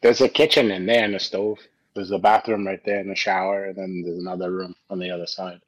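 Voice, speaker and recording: A man's voice: low voice, fairly even intonation, fast, dry recording, poor audio. A man telling crude, joking stories in casual chat from his home basement.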